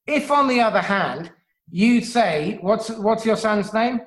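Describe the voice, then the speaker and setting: A coach explains communication techniques on a radio show, talking fast and checking in often with "yeah?". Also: medium pitch, expressive, reverberant, poor audio. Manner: quick, instructive, checks in with "yeah?".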